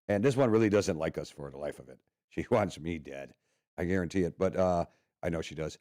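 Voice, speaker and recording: A man's voice: low-pitched, fairly quick, a little mellow. A man with a Midwestern American accent co-hosting a morning radio show, telling easygoing anecdotes with laughter. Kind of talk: casual morning radio chat. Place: radio studio.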